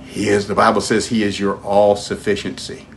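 Man preaching with sweeping pitch swings. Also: completely flat delivery, moderate pace, vocal fry, a little hiss or hum. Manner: swings between loud emphatic highs and hushed low prayer; addresses listeners directly with questions. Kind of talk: sermon.

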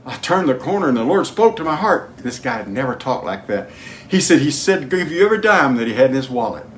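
A man preaching a sermon, telling stories in a lively way. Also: medium pitch, a little hiss or hum. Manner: storytelling, animated, breaks into singing a hymn.

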